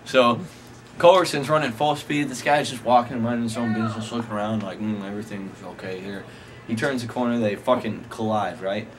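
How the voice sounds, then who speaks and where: A man's voice: mid-range voice, steady tone, a little fast. A young man casually telling a rambling, profane anecdote to friends, often laughing as he talks. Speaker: storyteller. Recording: noisy amateur recording.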